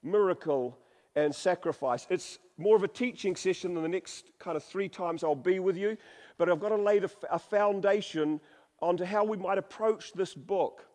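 A man's voice: high voice, moderate pace, darkish tone. A man preaching a sermon, reading scripture dramatically and joking with the congregation. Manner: dramatic, humorous, varies voice for quotes. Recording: long hall reverb.

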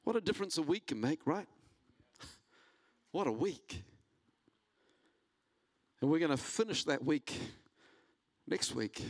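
A man preaching a sermon, telling a personal story and building to an animated delivery. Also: a little slow, pauses often, dry recording. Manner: storytelling, rising in pitch and intensity when preaching. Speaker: pastor.

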